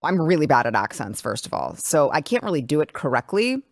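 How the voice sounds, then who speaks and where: A woman's voice: low-pitched, big pitch swings, fairly quick, no room sound, studio quality. A woman hosting a political talk show, talking casually with emphatic, sarcastic remarks. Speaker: host.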